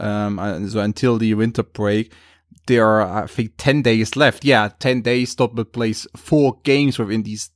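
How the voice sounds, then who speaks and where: A man's voice: lowish voice, no echo, clean studio sound. A man co-hosting a football podcast, thinking aloud with many fillers. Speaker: podcast co-host. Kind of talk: casual football podcast chat.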